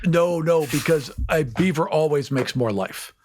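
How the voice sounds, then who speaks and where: A man's voice: a little high, unhurried, a little mellow, slight background noise. A man co-hosting a podcast in casual chat, easygoing and explaining his points. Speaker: podcast co-host.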